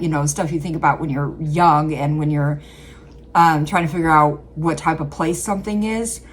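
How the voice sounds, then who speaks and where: An American woman hosting a reaction video, talking casually and wandering through her thoughts with plenty of fillers. Her voice sits fairly low for a woman, and a faint hiss runs underneath. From Illinois, USA. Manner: rambling, full of fillers. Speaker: reaction channel host. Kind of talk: casual chat.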